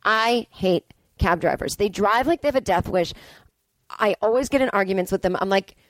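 A woman's voice: mid-range voice, moderate pace, no echo. Woman, forties, podcast host, comic rant, swearing, dry close sound. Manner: profane, ranting, animated storytelling. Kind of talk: comedic storytelling monologue. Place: Brooklyn.

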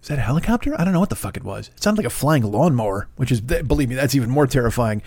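A man of medium pitch rattles off a rapid-fire podcast monologue from his apartment in Los Angeles. It's casual, comedic and profane, a string of rambling, animated rants on a dry recording.

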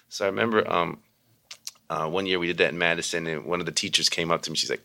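A man who teaches meditation, telling community stories in a casual, animated way, acting out quoted people in a high voice. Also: fast talker, creaky. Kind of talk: casual storytelling interview.

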